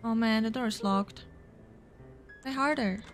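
Woman let's play host, slightly high voice, slow and playful, faint music behind. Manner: casual, playful, with fillers. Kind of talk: reading game dialogue aloud.

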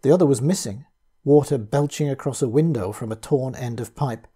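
Husky-voiced man reading a horror story. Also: medium pitch, fairly quick, mellow. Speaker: audiobook reader.

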